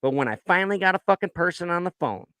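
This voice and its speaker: A man's voice: sits high, lively intonation, rapid-fire, sharp tone, no room sound. A man co-hosting a casual podcast from the United States, ranting with heavy swearing and mimicking people in his stories. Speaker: podcast co-host. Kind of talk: crude casual chat.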